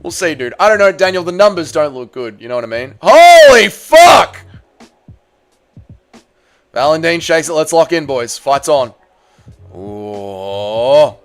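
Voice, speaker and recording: A young Australian man on a livestream, chatting with viewers, reading their messages, swearing freely and shouting at a fight as it unfolds. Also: medium pitch, expressive, moderate pace, clean tone, soft background music. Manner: swears freely, reads chat aloud, yells at the fight. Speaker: streamer. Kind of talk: casual livestream chat and fight reaction.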